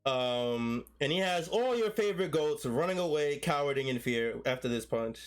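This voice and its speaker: Man, podcast co-host, somewhat high pitch, relaxed recap chat. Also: normal speed, smooth. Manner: relaxed, laughs often.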